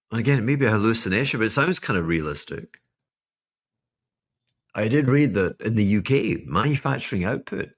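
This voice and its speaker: Deep-voiced man rambling through market commentary. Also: big pitch swings, normal speed, no room sound, clean studio sound. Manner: rambling, wry and self-mocking, with laughing asides. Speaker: podcast host. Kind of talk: solo market commentary monologue.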